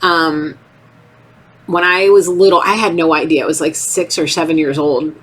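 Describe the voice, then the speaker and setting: A woman's voice: low-pitched, normal speed, slightly rough. A woman in her thirties giving a casual, rambling tarot reading, often acting out little voices. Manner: rambling, animated, acts out voices. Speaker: tarot reader.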